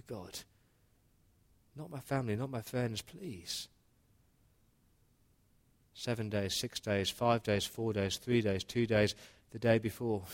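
A man's voice: on the low side, close to an everyday voice. A man preaching as Noah, telling the flood story in the first person with earnest, conversational feeling. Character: Noah, humble earnest older man, male. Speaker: pastor. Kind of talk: dramatic first-person retelling in a sermon.

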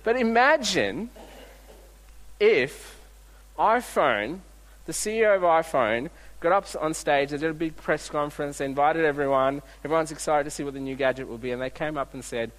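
A male pastor delivers a conversational sermon, telling everyday stories and restarting his sentences as he goes. His voice sits a little higher than most men's. It rings out with the long reverb of a large church hall. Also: moderate pace, fairly bright tone. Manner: conversational, storytelling with frequent restarts.

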